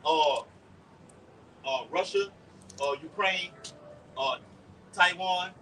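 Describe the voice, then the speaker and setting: A man preaching live outdoors and leading the teaching, with a lively, repetitive delivery, calling on others to read verses. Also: high-pitched, slow pace. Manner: animated, repeats words, calls for scriptures. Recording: distant mic with faint street noise.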